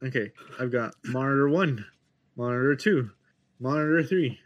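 A man's voice: mid-range voice, normal speed, highs cut off. A man co-hosting a casual podcast chat, joking around, swearing freely and laughing often. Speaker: podcast co-host.

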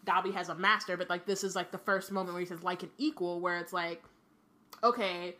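Woman co-host, bright tone, chatty rambling book-talk delivery. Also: on the low side, fairly even intonation, brisk. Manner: rambling, lots of fillers and restarts, swears casually. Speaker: podcast co-host. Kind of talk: casual book discussion.

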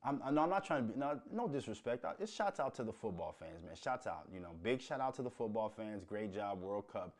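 Male podcast host, lower voice, profane and blunt, casual rant. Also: very animated, fairly quick, hardly any pauses, darkish tone. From United States.

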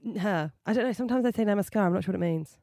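A woman's voice: medium pitch, racing, mellow, dry recording, studio quality. A woman co-hosting a casual comedy podcast, telling self-mocking stories in a chatty way. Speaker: podcast co-host.

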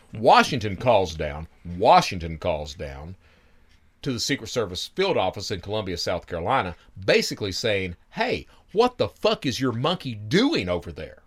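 A man hosting a podcast, telling his own story in an animated, profane, chuckling way. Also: on the low side. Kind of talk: casual storytelling.

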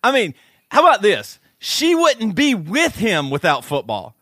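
Podcast co-host, male, high bright voice, animated ranting storyteller, dry mic. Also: a little slow, dry recording. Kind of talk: casual chat. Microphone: studio microphone.

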